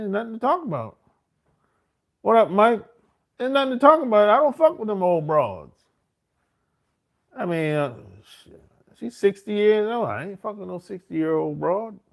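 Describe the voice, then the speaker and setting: A middle-aged man, telling stories in a casual, boastful and profane monologue full of slang. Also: sits high. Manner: profane, slangy street talk with frequent "man" and "bro"; boastful, swaggering. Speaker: host.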